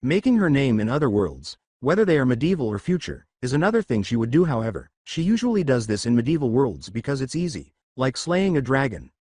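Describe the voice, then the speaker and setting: A man reading a fan story aloud as its narrator, in a steady storytelling way. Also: mid-range voice, a little fast, hardly any pauses, dry recording, studio quality.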